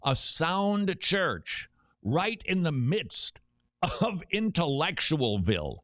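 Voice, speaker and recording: A middle-aged man hosting a talk radio show, telling stories with quick joking asides. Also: on the high side, very animated, fairly bright tone, no echo, studio quality.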